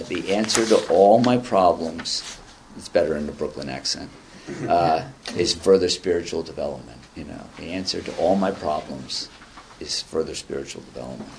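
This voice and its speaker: A man's voice: a bass voice, creaky, slight background noise. A man in his fifties, speaking at a recovery meeting in a meeting room. He reads passages aloud and comments on them in a rambling, conversational way with dry self-deprecating humor. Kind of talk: casual spoken share, reading passages aloud and commenting.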